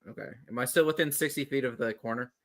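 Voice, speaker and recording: A man playing in a tabletop game, asking quiet practical questions. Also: medium pitch, fast talker, no echo, studio quality. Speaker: player.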